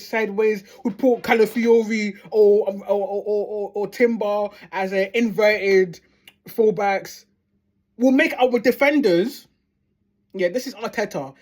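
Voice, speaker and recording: A woman's voice: mid-range voice, a little mellow. Sweary ranting woman. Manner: heated, sweary, repeats phrases for emphasis. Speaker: football fan vlogger. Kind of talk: angry fan rant.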